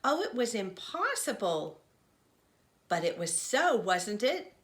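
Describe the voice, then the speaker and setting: A woman's voice: a little high, huge pitch swings, unhurried, a bit bright, pitched above the performer's own voice, full character voice. A woman voicing an eager young girl who insists urgently, in a children's novel read aloud.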